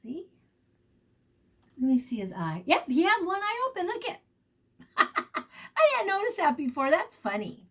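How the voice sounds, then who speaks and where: A woman's voice: very high-pitched, a little slow, pauses often. A woman teacher reading a picture book aloud to young children, asking them questions as she goes. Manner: warm, animated storytelling with questions to children.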